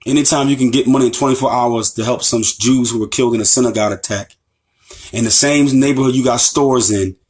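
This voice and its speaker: With a mid-range voice, steady tone and quick pace, an American Islamic teacher gives a passionate lecture. He stresses his points, repeats phrases, and asks the audience rhetorical questions.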